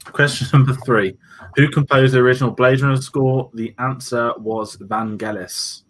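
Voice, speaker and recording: Co-apresentador opinativo, voz média. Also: male voice, medium pitch, fairly even intonation, normal speed, slight background noise. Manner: opinionated, chatty. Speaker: co-host and quizmaster. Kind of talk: casual chat and reading quiz questions.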